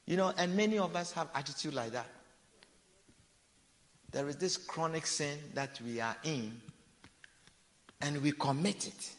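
A preacher's sermon rings through what sounds like a big church hall, the long reverb trailing his words. His voice is a bit higher than the typical man's, and he takes his time, pausing often, pressing points through repetition and occasionally playing a pleading sinner.

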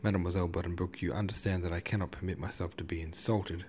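An earnest, melodramatic suitor pleads and implores in solemn, overwrought tones, read by a man. The voice sits low and deep, with a faint hiss in the background. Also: steady tone, quick pace, darkish tone, lightly acted. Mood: solemn pleading.

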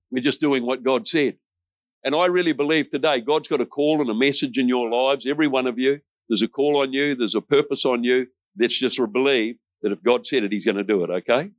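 Earnest New pastor preaching. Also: male voice, medium pitch, brisk, no room sound. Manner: earnest and emphatic, with folksy asides. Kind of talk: sermon.

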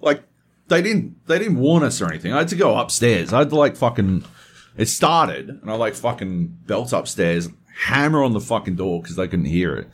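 A man's voice: on the low side, normal speed, a little hiss or hum. A man co-hosting a gaming podcast, chatting casually and telling stories with plenty of swearing. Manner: swears a lot, animated storytelling. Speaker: podcast co-host. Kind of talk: casual chat.

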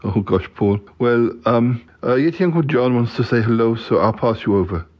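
A man's voice: moderate pace, natural voice. A man voicing an anxious companion character who frets and fusses over his friend. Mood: worried. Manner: worried, fussing and high-pitched. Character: anxious, fussing male companion at home. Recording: dull lo-fi sound.

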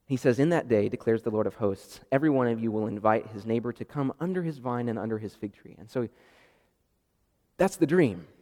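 A man preaching a sermon, animated and acting out the dialogue with sudden jumps in pitch and loudness. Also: brisk. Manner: animated, acts out the dialogue with rising pitch and volume. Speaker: pastor. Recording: long reverb of a hall.

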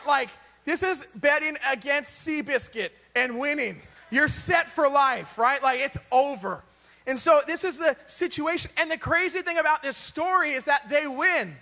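A man's voice: very high voice, bright, forceful tone, in a large hall. A man preaching a sermon in a casual, joking way, full of rhetorical questions.

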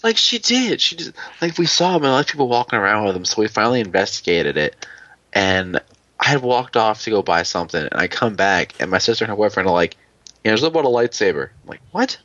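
Young male podcast co-host, low and rambling, swears freely; dry, slightly dull recording. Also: big pitch swings, fast talker, pushed and bright, no echo. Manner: rambling, swears a lot, imitates people in high voices. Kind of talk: casual chat.

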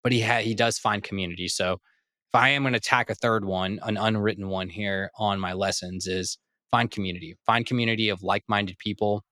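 A man co-hosting a podcast, chatting casually, animated, with stumbling restarts and frequent laughs. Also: fairly low pitch, brisk, dry recording, studio quality. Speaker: podcast co-host.

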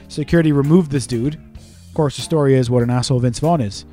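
A man's voice: mid-range voice, dark tone, faint music behind. A man co-hosting a podcast in casual chat, telling stories with lots of swearing and acted-out quotes. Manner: fast, swearing storyteller who acts out quotes. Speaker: podcast co-host.

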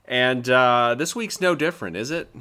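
A man's voice: medium pitch, animated, normal speed, pushed and bright, clean tone. A man co-hosting a podcast in casual chat, laid-back and heavy with fillers. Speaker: podcast co-host.

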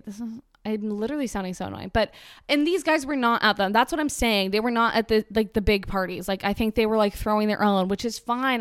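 A woman's voice: mid-range voice, clear, resonant tone, no echo, clean studio sound. A woman in her twenties ranting casually and sarcastically, rambling with lots of fillers.

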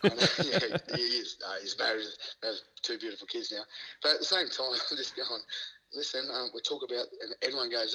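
A man's voice: a little fast, sharp tone, husky, rough recording. A middle-aged Australian man from Queensland, a former rugby league player who tells stories as a guest, laughing often and acting out what people said. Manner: laughs often, acts out quoted lines with rising pitch. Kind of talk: casual storytelling.

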